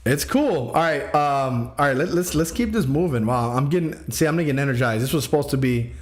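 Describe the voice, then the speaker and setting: A man's voice: medium pitch, brisk. A man hosting a casual livestream as a music producer, joking and rambling in slangy talk full of fillers. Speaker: music producer streaming feedback. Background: music playing.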